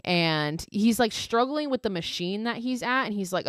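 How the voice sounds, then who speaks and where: A woman's voice: medium pitch, moderate pace, few pauses, a bit bright, no echo, studio quality. A woman podcast host casually recapping a film, peppering it with "like" and profane, exasperated asides. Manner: fillers of "like" throughout.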